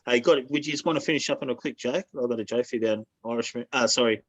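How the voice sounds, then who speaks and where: A man's voice: medium pitch, rapid-fire, lo-fi sound. A man with an Australian accent, a podcast guest chatting bluntly and telling jokes. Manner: blunt, joking, swears freely. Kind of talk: casual podcast chat.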